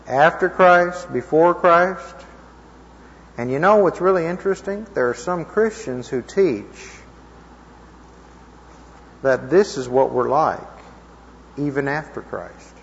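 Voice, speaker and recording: A man giving an informal Bible teaching to a live group, conversational and checking in with his listeners, his voice a little hoarse. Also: medium pitch. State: slightly hoarse. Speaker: preacher teaching a class. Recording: dull lo-fi recording in a reverberant hall.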